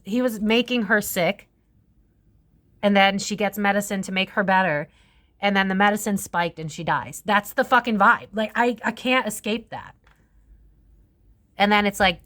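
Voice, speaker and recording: A woman's voice: mid-range voice, a bit bright. A woman giving a casual psychic tarot reading, rambling and swearing freely, with frequent laughs. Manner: profane, rambling, laughs often.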